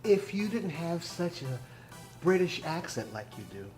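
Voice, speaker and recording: An off-camera woman teases the speaker with a quick joke. Her low voice moves up and down a lot, and music plays clearly behind her. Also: very animated, a little mellow, low-quality recording. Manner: teasing.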